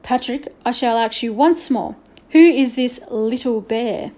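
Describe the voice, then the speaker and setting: Stern headmaster voiced by a woman. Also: fairly high pitch. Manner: measured, firm, quietly stern. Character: stern, gruff middle-aged male headmaster. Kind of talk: storybook reading.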